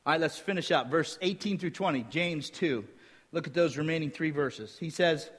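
A male pastor preaching a sermon, reading scripture aloud and acting out little dialogues in a lively, emphatic way. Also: fairly high pitch, normal speed, breathy edge. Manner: animated preaching, quotes scripture, acts out dialogue. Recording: reverberant hall.

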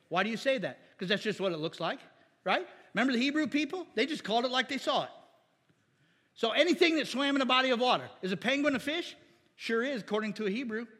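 A man's voice: extremely high pitch, expressive, quick pace, sharp tone, breathy edge. A male preacher giving a folksy, conversational sermon, often asking the congregation questions. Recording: long hall reverb.

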